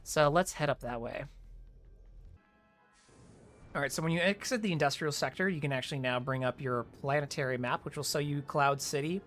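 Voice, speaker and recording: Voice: medium pitch, brisk, long pauses, fairly bright tone, soft background music. A gamer giving casual, chatty commentary on a game quest walkthrough, with jokey asides between the instructions.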